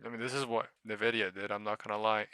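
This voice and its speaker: A man's voice: fairly low pitch, flat delivery, quick pace, sharp tone, clean tone, dry recording. A man live-streaming his stock trades, talking casually with heavy swearing and exasperated rambling.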